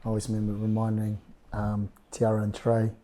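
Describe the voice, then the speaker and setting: A middle-aged man and parent on a panel, talking in a relaxed, rambling way with chuckles. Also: fairly low pitch, a little fast. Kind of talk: casual panel chat.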